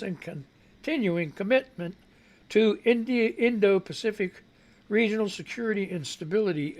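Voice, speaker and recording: A man hosting a live radio show, reading news stories aloud and mocking them with sarcastic, profane commentary; his voice is a bit off. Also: sits high. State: voice not quite right.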